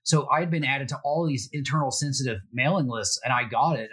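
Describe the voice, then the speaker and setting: A middle-aged man telling security anecdotes in a relaxed, self-deprecating way, with plenty of fillers. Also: mid-range voice, brisk, husky. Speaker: security guest. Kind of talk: casual storytelling.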